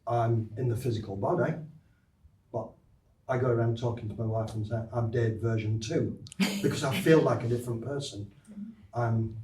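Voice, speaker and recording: A man in the audience who shares his own story in a halting, reflective way. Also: medium pitch, steady tone, warm tone. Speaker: audience member sharing a story. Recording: echoey, distant, faint background noise.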